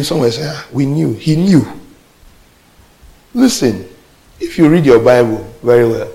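Guy preaching a sermon, super gravelly voice, talks low then shouts stuff back at the church. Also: poor audio. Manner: call-and-response preaching, rising to exclamations. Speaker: pastor.

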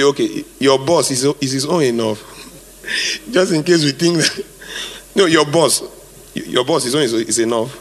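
Male pastor, mid-pitch, gravelly and husky, preaching emphatically in a reverberant hall. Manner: emphatic, repeats phrases, asks the congregation to fill in words. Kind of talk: sermon. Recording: reverberant hall, live sermon.

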